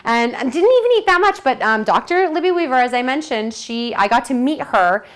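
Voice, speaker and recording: A woman's voice: high-pitched, animated, fairly quick. A woman presenting a detox program to a group, talking chattily and enthusiastically and acting out her own quotes.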